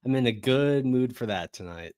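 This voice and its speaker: Lively, animated man co-hosting. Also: medium pitch, normal speed. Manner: loud, giggly, reads chat aloud. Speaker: podcast co-host. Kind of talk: casual chat.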